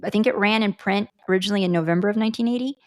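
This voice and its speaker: A woman co-hosting a podcast in casual movie chat, reacting aloud to each scene in an animated way. Her voice sits in a middle register. It is recorded close and dry, with no room sound. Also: medium pitch, rapid-fire, no echo. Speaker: podcast co-host.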